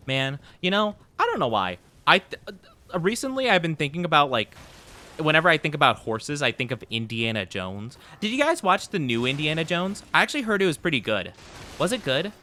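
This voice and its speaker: A man's voice: a little high, very animated, brisk, pushed and bright. A man streaming a video game, chatting playfully with his viewers in a casual commentary style and laughing often. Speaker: VTuber streamer. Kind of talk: casual gaming commentary to chat.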